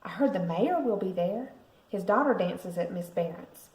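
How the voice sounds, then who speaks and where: A woman voicing an excitable young girl who loves ballet, speaking eagerly. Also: medium pitch, moderate pace, lightly acted. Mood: excited. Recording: roomy echo.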